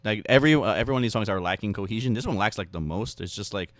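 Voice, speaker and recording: A man's voice: lowish voice, very fast, dry recording, studio quality. A man co-hosting a music reaction video, agreeable and hesitant in casual chat, laughing often.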